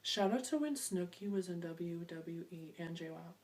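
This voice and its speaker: A woman's voice: fairly low pitch, lively intonation, normal speed. A young woman vlogging to camera in a playful, rambling, self-mocking way. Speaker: beauty and fashion vlogger. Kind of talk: casual chat to camera. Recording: distant mic with faint noise.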